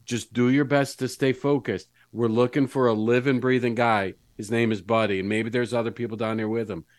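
A man playing a steady rescuer. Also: medium pitch, brisk, no room sound, studio quality, close to an everyday voice. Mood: reassuring. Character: steady male rescuer calming a shaken man.

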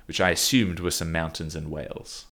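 Low-voiced man telling a rambling story. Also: fairly even intonation, moderate pace, a bit bright. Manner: rambling storyteller, laughs often. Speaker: podcast co-host. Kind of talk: casual podcast chat.

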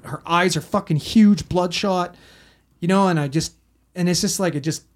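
A man's voice: high-pitched, moderate pace. A man, a paramedic telling a story in casual talk, rambling and swearing a lot. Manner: heavy swearing, rambling with fillers.

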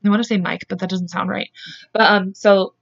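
A woman podcasting from home tells a true-crime story in casual conversation, voicing the quotes and laughing often. Her medium-pitched voice has vocal fry, fairly even intonation, and a fairly quick pace. A dull, lo-fi podcast mic captures her.

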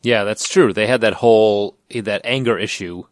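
A man hosting a casual podcast chat, teasing his co-hosts and pausing with fillers. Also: on the low side, no echo, clean studio sound.

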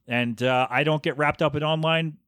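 A man in his thirties rambles through a casual solo podcast rant, sarcastically mocking a bad review in a mock-professional voice. His voice is on the high side and a bit bright, with a steady, clean tone at a moderate pace. The podcast-mic recording is dry and studio-clean.

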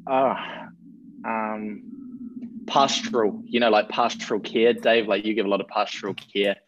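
A man being interviewed as a rugby performance director, relaxed and self-deprecating, thinking aloud as he goes. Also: on the low side, a little slow, dull audio, noisy background. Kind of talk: interview guest.

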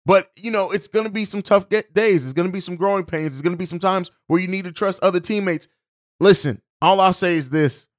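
A male podcast host with a high-pitched voice talks through his opinions on his own. He is blunt and opinionated, swears casually and often restarts his sentences. The recording is dry, with no room sound. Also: brisk, no room sound. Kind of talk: casual solo commentary.

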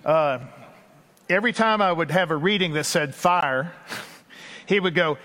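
Texan preacher in a reverberant hall. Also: male voice, on the high side, sharp tone. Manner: conversational, folksy, with asides and quick bursts. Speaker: pastor. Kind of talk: sermon.

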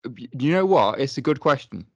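A man's voice: mid-range voice, very animated, fairly quick, vocal fry, no room sound, highs cut off. Easygoing British man, dry close sound. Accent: British English. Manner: easygoing, agreeable, laughs along. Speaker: podcast co-host. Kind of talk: casual chat.

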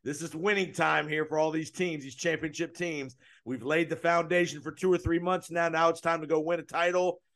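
A man's voice: fairly high pitch, fairly even intonation, fairly quick, hardly any pauses, a bit bright. A man hosting a sports radio show, interviewing a coach in a chatty way with loose, restarting phrasing.

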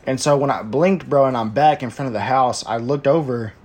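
A young man with a mid-range, darkish voice talks briskly while casually telling a personal story. He rambles with fillers, uses lots of slang and swearing, and says "bro" constantly.

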